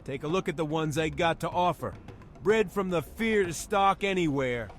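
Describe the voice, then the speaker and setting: A man's voice: on the high side, normal speed, soft background music, lightly acted. An actor playing a boastful male troll raptor trader in a video game, speaking with a Caribbean accent in hearty salesman patter. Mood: salesy.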